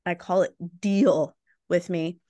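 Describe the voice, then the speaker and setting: A young adult woman with a slow, low-leaning voice speaks as a podcast guest, telling her own story candidly. She's animated and tags her points with "right?" and "like".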